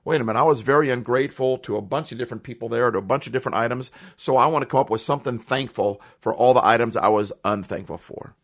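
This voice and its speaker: A man's voice: mid-range voice, fast talker, few pauses. A man hosting a podcast, talking earnestly and emphatically in a motivational monologue, repeating phrases for effect. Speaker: podcast host.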